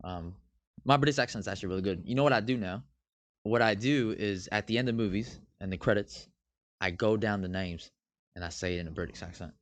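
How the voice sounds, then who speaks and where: A man's voice: on the low side, a little fast, no echo. A man co-hosting a podcast in casual chat, joking and rambling, swearing freely. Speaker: podcast co-host.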